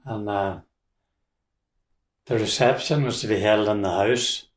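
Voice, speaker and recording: A man's voice: lowish voice, a little slow. An older man with a Donegal accent telling rambling family stories in casual talk, with restarts and chuckles. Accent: Irish, Donegal. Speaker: interviewee. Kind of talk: casual storytelling. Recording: roomy echo.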